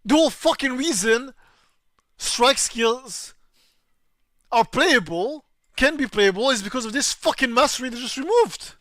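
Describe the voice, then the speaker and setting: A man's voice: very high voice, expressive, measured pace, pauses often, dry recording, voice pushed up, heavily acted. A man mimicking a furious ranting gamer. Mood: angry rant. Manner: shouty, swearing, exasperated. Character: furious adult male gamer ranting about a patch.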